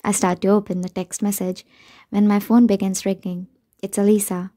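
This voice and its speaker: A woman reads a first-person novel aloud in a measured, steady way. Her voice is mellow and dark, with a flat, even pitch line. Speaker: audiobook narrator.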